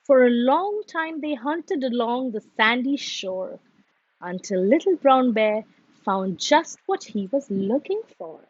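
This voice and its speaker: A woman reading a children's storybook aloud in a slow, expressive, sing-song way. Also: a little high, dull audio.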